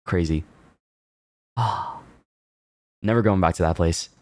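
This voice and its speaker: A man streaming, telling a story in casual chat, animated and laughing, swearing freely with many fillers. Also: sits low, slow pace, dry recording.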